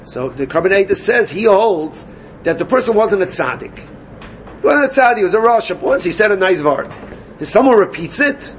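A man teaching a Gemara class, animated and questioning his students. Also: sits high, a little hiss or hum. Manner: animated, questioning students, mixes Yiddish and Hebrew terms. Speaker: Talmud teacher.

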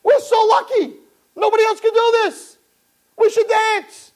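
A man playing a devout prisoner who urgently pleads with his brother and then shouts with joy about their faith. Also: sits high, animated, normal speed, voice pushed up, low-quality recording. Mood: exultant. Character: faithful male prisoner, fervent and joyous.

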